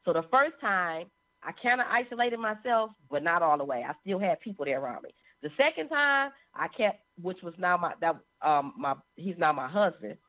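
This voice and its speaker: Give me a woman giving a personal testimony, animated storytelling, sounding like a phone line. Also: fairly low pitch, moderate pace. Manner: animated, acts out quoted voices. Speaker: guest sharing a testimony.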